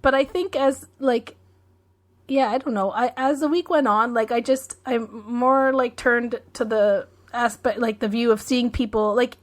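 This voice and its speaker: A woman's voice: fairly high pitch, measured pace. Chatty woman podcast co-host. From Canada. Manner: chatty, playful, hesitant with many likes. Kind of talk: casual chat.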